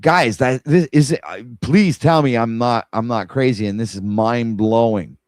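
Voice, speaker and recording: A man of middling pitch hosts a casual livestream and rambles on in an exasperated tone, talking straight to his viewers. His voice sits close and dry, with no room sound around it. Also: unhurried, darkish tone, no room sound. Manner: rambling, exasperated, talks to viewers while scrolling. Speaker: livestream host.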